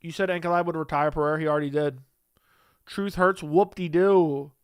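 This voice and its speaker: Guy doing a livestream, reading chat and arguing back, kinda high voice, clean and dry sound. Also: steady tone, fast, clear, resonant tone, no echo. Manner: blunt, dismissive, argues back at chat.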